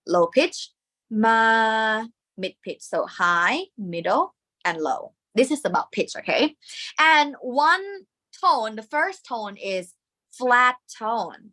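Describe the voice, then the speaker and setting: Woman, Thai accent, language teacher, very slow, bright tone, patient demonstrations. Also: mid-range voice. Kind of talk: classroom lesson.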